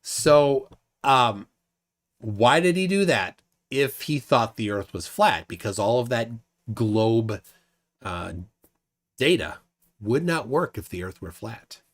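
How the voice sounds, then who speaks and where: A man's voice: mid-range voice, very animated. A man hosting a casual livestream, reading viewer comments aloud, often stammering and repeating words. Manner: halting, stammering repeats, chuckles between thoughts. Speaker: livestream host.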